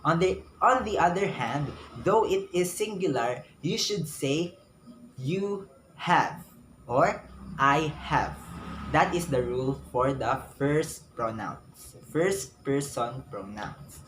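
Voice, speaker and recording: A young Filipino man talks through a grammar lesson at an unhurried pace, going back over his words as he explains. He has a Filipino English accent. The sound is roomy and echoey, with steady noise underneath. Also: a little high. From Philippines. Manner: slow, explanatory, repeats words for emphasis. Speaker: student teacher. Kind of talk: classroom lecture. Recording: echoey room with noise behind.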